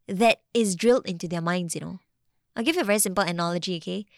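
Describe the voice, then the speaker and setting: Animated Singaporean woman, dry studio mic. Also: fairly low pitch, quick pace, vocal fry, dry recording. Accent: Singaporean English. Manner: animated storytelling, acts out quotes. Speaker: podcast guest. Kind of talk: casual podcast conversation.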